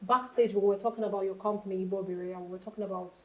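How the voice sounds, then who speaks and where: A woman's voice: medium pitch, fairly even intonation, racing, a bit bright, rough recording. A woman hosts a talk show. She picks up on her guest's earlier points and builds her questions from them in an easy, conversational way. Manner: engaged, follows up on the guest's points. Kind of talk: conversational interview.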